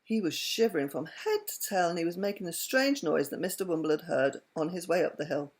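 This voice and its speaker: A woman giving an expressive reading of a children's story. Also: lowish voice, brisk. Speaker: storybook reader.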